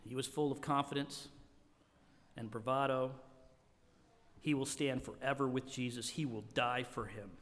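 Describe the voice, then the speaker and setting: A male pastor preaching a sermon, animated and emphatic, often restarting and repeating words. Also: medium pitch, a little slow, long pauses. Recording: long hall reverb.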